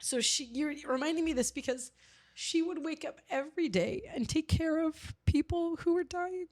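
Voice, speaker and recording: A woman's voice: high voice, normal speed, a little mellow. A woman in her forties from the American Midwest, a podcast host telling a story in a chatty, emotional way. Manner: chatty, emotional, acts out quotes. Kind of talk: casual conversational storytelling.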